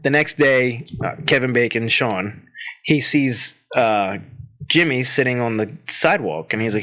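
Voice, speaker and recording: A man's voice: medium pitch, measured pace, pushed and bright. A man from central Pennsylvania, co-hosting a podcast in casual chat, who laughs often and retells movie scenes with quoted lines. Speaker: podcast co-host.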